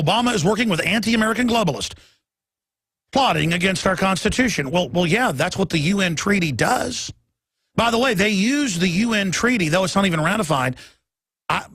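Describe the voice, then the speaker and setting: A man's voice: sits high, creaky, fairly bright tone, no room sound. A man hosting a talk radio show, delivering a heated, emphatic monologue and stumbling over repeated words as he pushes his point.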